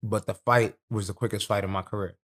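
Fast-talking with a voice on the low side, a young professional fighter relates his fight stories on a casual podcast. The delivery is lively, street-smart, and full of profanity.

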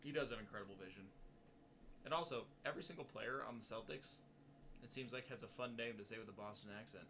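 A man's voice: mid-range voice, fast talker, noisy background. A man co-hosting a casual sports talk show, easygoing and joking. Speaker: podcast co-host.

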